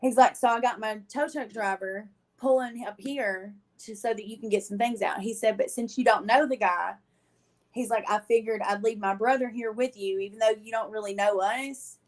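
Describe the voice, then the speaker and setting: A woman, a podcast guest telling her own story in casual chat, animated and often laughing as she acts out what people said. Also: mid-range voice, normal speed.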